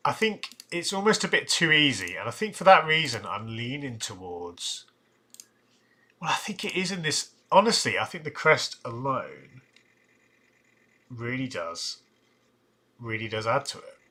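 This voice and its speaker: A man's voice: medium pitch, big pitch swings, unhurried, pauses often, pushed and bright, breathy edge. A man hosting a casual live stream, thinking aloud with restarts and asides. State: tired, yawning. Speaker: live-stream host ranking football shirts.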